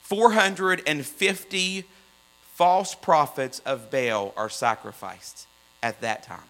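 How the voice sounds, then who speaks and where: A man preaching a sermon in a high, bright voice. He swings between loud, fervent runs and hushed, low asides. A faint electrical hum sits under the recording. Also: takes it slowly, poor audio.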